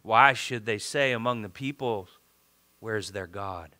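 This male pastor's voice sits low and unhurried as he preaches. His sermon alternates between loud, passionate urging and soft pleading, and he frequently repeats words when emotion takes hold.

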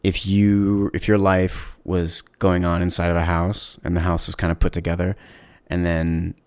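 A man hosting his own solo podcast, talking candidly and reflectively, pausing and restarting often. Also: sits low, monotone, darkish tone, smooth, no room sound. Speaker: podcast host. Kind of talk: casual solo podcast monologue.

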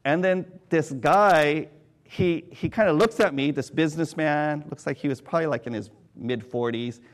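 A man from California preaching, telling a story in an animated way, swinging from loud excited bursts to quiet hushed tones. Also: fairly high pitch, moderate pace. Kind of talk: sermon storytelling.

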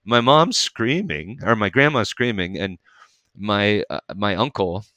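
A man and preacher telling a story in casual conversation, animated and quick in bursts. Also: lowish voice, dry recording.

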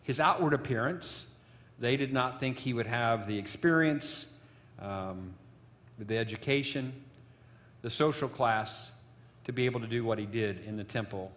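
A man's voice: medium pitch, unhurried, fairly bright tone, in a large hall. A man giving a sermon, telling a story in a loose, rambling way with many fillers. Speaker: preacher.

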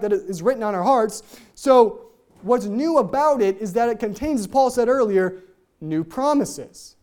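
A Bible teacher going through a passage verse by verse, talking very fast, tripping over words and repeating key points for emphasis. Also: mid-range voice, a little mellow. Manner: talks very fast, trips over own words.

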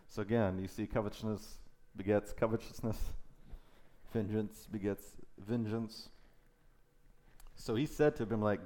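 A man's voice: lowish voice, steady tone, normal speed, pauses often, dark tone. A man preaching a sermon, reading scripture aloud and breaking in with casual conversational asides.

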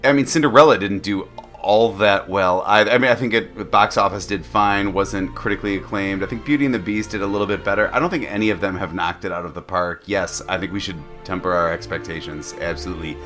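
A man co-hosting a podcast, chatting casually about movies, opinionated and quick to laugh. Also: low-pitched, a bit bright, faint music behind. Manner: laughing, opinionated, stammers on restarts. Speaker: podcast co-host. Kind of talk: casual movie review chat.

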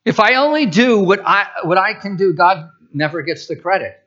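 Male pastor, sermon, chatty asides, bright tense tone, muffled lo-fi recording. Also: high voice, normal speed. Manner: conversational, with asides and restarts.

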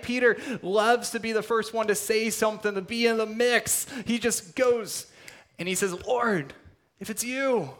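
A man preaching a sermon, retelling a scripture story with dramatic swings between loud emphasis and hushed, almost whispered lines. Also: sits high. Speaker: pastor.

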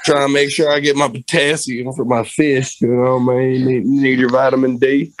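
A man's voice: medium pitch, level tone, moderate pace, close to an everyday voice, low-quality recording. A man voicing a rambling, complaining Jesus with a southern American accent, peppering every phrase with "man". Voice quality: drawling, rambling with "man" fillers. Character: whiny drawling southern Jesus on the cross, adult man. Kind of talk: comedic improv.

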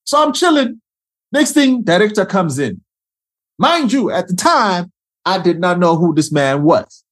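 A man, an actor guest, telling a casual story in an animated, slangy way and acting out quotes. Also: high voice, a little slow.

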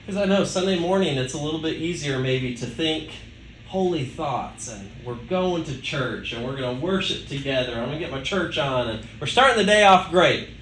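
A man's voice: fairly high pitch, lively intonation, normal speed, a bit bright, slight background noise. A male pastor preaching a sermon in a conversational way, asking the listeners rhetorical questions. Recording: echoey room with faint ambience.

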